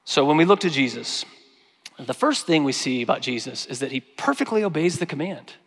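A man preaching a sermon, earnest, slowing down and growing quiet when he quotes scripture. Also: on the high side, lively intonation. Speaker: pastor. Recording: long hall reverb.

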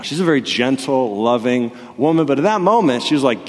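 A young man preaching a sermon, telling stories with animated energy that rises loud and high when he gets excited. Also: brisk, few pauses. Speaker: pastor. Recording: long reverb of a hall.

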